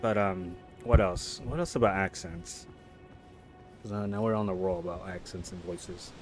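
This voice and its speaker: A man streaming a game live, chatting casually and rambling between loud, excited reactions to the play. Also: sits low, normal speed, faint music behind. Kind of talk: casual live gameplay chat.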